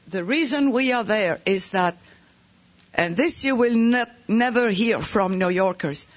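A man with a high voice and slow, deliberate delivery tells a story. He jokes and stresses his points firmly. The recording sounds dull and muffled. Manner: joking, emphatic, slow and deliberate. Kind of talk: storytelling talk.

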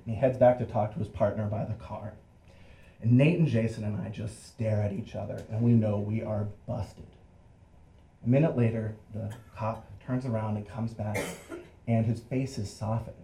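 In a lowish voice and at a moderate pace, a young adult man shares a story from his own life, lively in mimicking the characters' voices and laughing through it. There's a roomy echo on the recording.

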